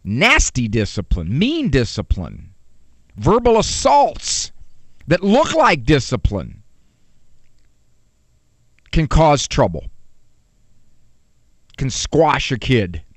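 A man giving a humorous parenting talk, animated, with joking asides and rhetorical questions. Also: mid-range voice, slow pace, pauses often, no echo. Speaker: parenting speaker.

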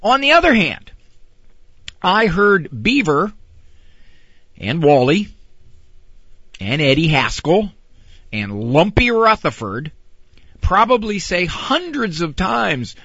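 A middle-aged man speaks slowly in a husky, bright voice that swoops wildly up and down. He talks about parenting in a casual, drawn-out monologue. The recording is dry and a little dull. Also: on the high side, big pitch swings, no room sound.

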